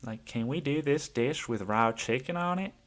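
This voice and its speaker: A man's voice: mid-range voice, lively intonation, moderate pace, a bit bright, voice pushed up, natural voice. A man voicing a naive woman customer with a Southern US accent, drawling and wide-eyed. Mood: curious.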